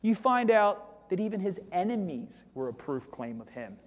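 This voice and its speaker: A man preaching a sermon, reading scripture aloud and swinging between loud declaiming and quiet asides. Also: sits high, big pitch swings, moderate pace. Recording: long hall reverb.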